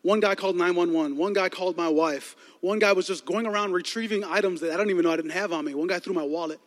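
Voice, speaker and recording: Speaking quickly in a high voice, a man who works as a youth pastor delivers a humorous, high-energy story in his sermon. The recording carries the long reverb of a large church auditorium, and he laughs through his lively, animated telling.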